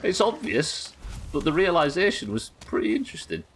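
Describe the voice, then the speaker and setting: A man's voice: on the high side, big pitch swings, moderate pace, fairly bright tone, slight background noise. A young English man chatting casually and rambling while streaming a game, swearing now and then. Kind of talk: casual live-stream chat while gaming.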